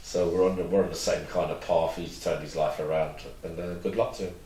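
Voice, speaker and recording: A man's voice: low-pitched, fairly even intonation, a little fast, dark tone, far from the mic. A man, an interview guest telling long, rambling stories and acting out what others said. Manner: rambling, acts out quoted dialogue. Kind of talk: candid storytelling interview. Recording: roomy echo, mic set back.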